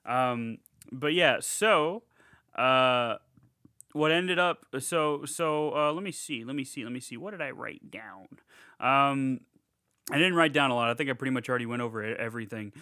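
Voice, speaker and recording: A man co-hosting a podcast, recapping a horror film in a casual, animated way, full of swearing and fillers. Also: mid-range voice, moderate pace, clean tone, no echo, studio quality. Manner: animated, profane retelling with frequent fillers. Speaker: podcast co-host. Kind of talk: casual movie recap chat.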